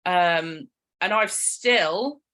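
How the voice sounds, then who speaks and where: A woman's voice: on the low side, very slow, pushed and bright. A young British woman giving a chatty, upbeat online talk on social media.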